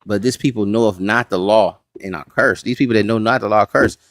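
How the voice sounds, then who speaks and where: Low-voiced man teaching scripture. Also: brisk, dry recording, clean studio sound. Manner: folksy, says y'all, talks to the class. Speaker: Bible study teacher. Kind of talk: casual Bible teaching. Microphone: streaming setup.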